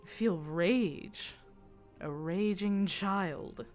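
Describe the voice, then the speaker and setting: A woman voicing an eerie, calm female being who taunts slowly and drops into whispers. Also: medium pitch, faint music behind. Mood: taunting. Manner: slow, soft and goading, slipping into whispers.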